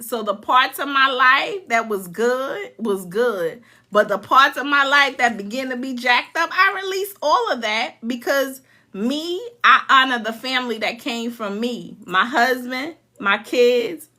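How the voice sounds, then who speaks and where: A middle-aged woman from New York, telling family stories in a casual, animated way and acting out what her relatives said. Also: fairly high pitch. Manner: animated, laughing, acts out quoted relatives. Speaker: storyteller. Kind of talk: casual storytime.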